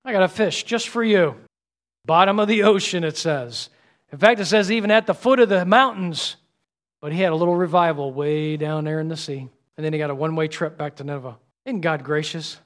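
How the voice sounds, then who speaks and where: A middle-aged male pastor preaching a sermon with dynamic delivery, swinging between loud exclamations and hushed lines. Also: a little high, fairly quick.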